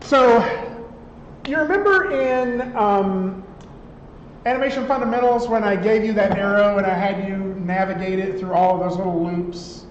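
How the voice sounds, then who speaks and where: A man instructor giving a conversational classroom software lecture, checking in with his students as he works. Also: high voice, moderate pace, a little hiss or hum. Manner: conversational, checks in with "right?" often. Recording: roomy classroom, dull lo-fi sound.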